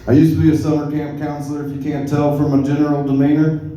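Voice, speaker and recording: A young man doing a stand-up comedy set, telling stories in a laid-back, deadpan way. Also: fairly high pitch, fast, dull audio, slight background noise. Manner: laid-back, deadpan storytelling with crowd laughter. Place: comedy club stage. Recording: roomy club sound from far off. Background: audience laughter.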